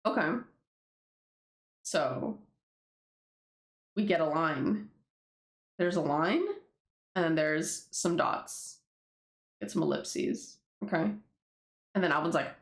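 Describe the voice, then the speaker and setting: A fairly low-voiced woman rambles through her own comic, dropping swear words and quick laughs between panels. Her voice rings in a roomy, echoey space. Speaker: webtoon creator. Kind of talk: casual commentary reading a comic. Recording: roomy echo.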